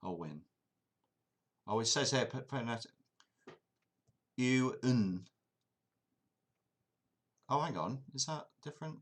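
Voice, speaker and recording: A man's voice: mid-range voice, expressive, takes it slowly, long pauses. An English man casually streaming a football management game, chatting with his viewers and poking fun at himself. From England. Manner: chatty, self-deprecating, talks to chat. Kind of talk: casual live-stream chat.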